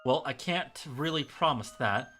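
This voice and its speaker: A man's voice: medium pitch, lively intonation, normal speed, sharp tone. A man voicing a stern, weary mother who scolds and questions her son. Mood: coaxing.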